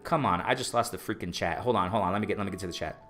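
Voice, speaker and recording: A man hosting a casual boxing livestream, reading chat aloud and repeating himself with excitement. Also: sits low, very fast, soft background music. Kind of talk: casual live-stream commentary.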